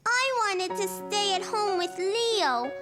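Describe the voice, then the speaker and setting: A woman voicing Caillou, a cheerful, curious four-year-old cartoon boy who is playful and excitable. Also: slow pace, heavily acted. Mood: sulky. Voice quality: high childlike voice. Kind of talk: cartoon voice acting. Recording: music underneath.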